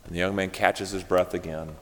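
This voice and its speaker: A man's voice: low voice, steady tone, fairly quick, fairly bright tone. A male pastor delivering a sermon, telling a joke story and then speaking earnestly. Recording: long hall reverb.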